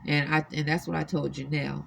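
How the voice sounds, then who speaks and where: A woman's voice: sits low, little pitch movement, brisk, creaky, slight background noise. A woman earnestly recounting her own experiences to the camera from a hotel room, insistent and emphatic. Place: extended-stay hotel room.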